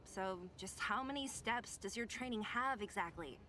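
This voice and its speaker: A woman's voice: on the high side, moderate pace, bright, forceful tone, a little hiss or hum. An actress voicing a dry, skeptical young woman companion in a game who speaks in a wry, teasing way. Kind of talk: game character voice.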